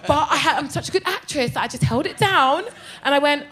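Woman comic telling a wild story, high voice, laughs a lot, swears, big energy. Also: brisk, noisy background. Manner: lively and theatrical, laughs often, swears freely. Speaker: comedian guest. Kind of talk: animated storytelling on a podcast.

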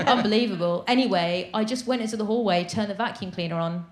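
A woman's voice: medium pitch, fairly quick, reverberant. A woman, a sketch comedian guest, telling rambling, self-deprecating anecdotes. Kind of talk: anecdotal interview chat.

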